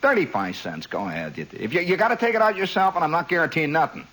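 A man voicing a gruff older junkyard owner who haggles in drawling, casual slang. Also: a little high, sing-song, quick pace, fairly bright tone, voice pushed up, poor audio. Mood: haggling.

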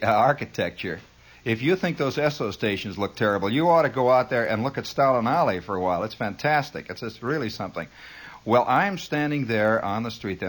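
A man rambles through a late-night radio monologue in a studio, dry and sardonic. His pitch swoops widely as he riffs, and he drifts from one aside to the next in a mock-grandiose tone. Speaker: radio host.

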